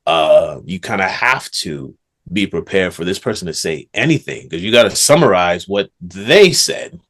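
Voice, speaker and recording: A man's voice: low-pitched, big pitch swings, moderate pace, fairly bright tone. A man, a guest author, talking casually in a rambling way, full of filler words and slang. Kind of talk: casual conversation.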